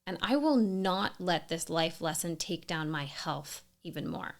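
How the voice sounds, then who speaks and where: Earnest woman with vocal fry. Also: lowish voice, animated, measured pace. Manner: earnest, emphatic, with soft whispered asides. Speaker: storyteller sharing a personal experience. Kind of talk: scripted personal narration.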